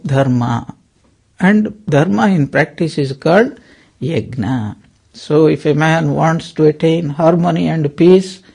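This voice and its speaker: A man's voice: fairly high pitch, vocal fry, dark tone, slightly rough. A man giving a sermon as a spiritual teacher, earnest and storytelling, with many rhetorical questions.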